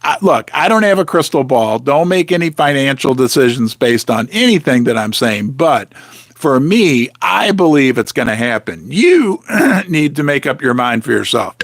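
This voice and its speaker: Animated man hosting a live stream. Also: medium pitch, normal speed. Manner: animated, talks with many restarts and rhetorical questions. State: losing his voice, clears throat often. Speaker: host of a live precious-metals stream. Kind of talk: casual live-stream commentary.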